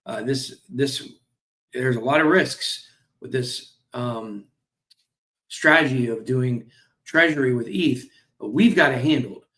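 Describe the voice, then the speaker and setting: A man's medium-pitched, slightly bright voice moves slowly as he hosts a crypto stream. Tired and yawning, he reads and comments on company news casually, tossing in jokes, fillers and apologies over a streaming mic.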